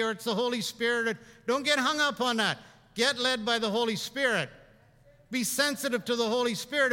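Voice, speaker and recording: A man's voice: very high voice, pushed and bright, in a large hall. A middle-aged man from Canada, a pastor preaching a conversational sermon in a church, often repeating words and rising for emphasis. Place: church sanctuary.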